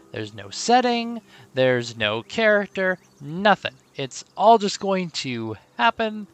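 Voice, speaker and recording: A man hosting a live stream as game master, rambling and joking at himself, with sudden loud greetings to viewers. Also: a little high, creaky.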